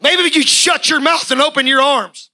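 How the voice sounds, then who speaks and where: A male pastor delivering an impassioned sermon, swinging from quiet talk to shouting. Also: very high-pitched, steady tone, normal speed, a little hiss or hum, poor audio.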